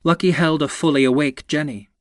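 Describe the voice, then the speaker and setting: A man reading a romance audiobook in scripted narration, wry and expressive. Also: on the high side, fairly quick, no room sound, clean studio sound.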